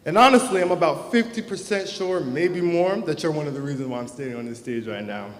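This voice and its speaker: High-voiced young man in an echoey hall. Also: brisk, a little hiss or hum. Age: young adult. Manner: earnest, heartfelt, emotional at times. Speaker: class president giving a graduation speech. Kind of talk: prepared graduation speech. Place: large hall or auditorium. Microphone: microphone on a stage. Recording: echoey hall with long reverb.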